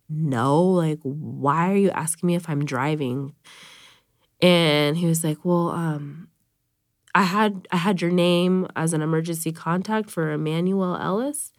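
A woman's voice: low voice, a little slow, no echo, clean studio sound. A young woman in her twenties speaking bluntly and candidly in an interview, saying "like" often. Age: 20s. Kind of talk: emotional interview recollection.

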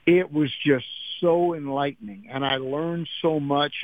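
An older male musician guest telling animated anecdotes in a radio interview, acting out quotes. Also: on the high side, no echo, narrow, tinny audio. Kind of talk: storytelling interview.

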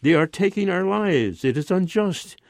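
A man's voice: high voice, expressive, moderate pace, dry recording, studio quality, pitched above the performer's own voice. A man voicing a superstitious, self-pitying peasant wife. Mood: pleading. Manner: pleading, insistent.

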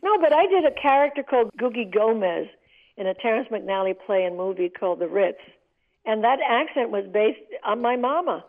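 An older woman calls in to an interview and tells lively stories, laughing as she goes. Her voice runs a little high. The phone line is thin and tinny. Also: brisk. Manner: animated, laughing, storytelling. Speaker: guest, actress. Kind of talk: interview on a call.

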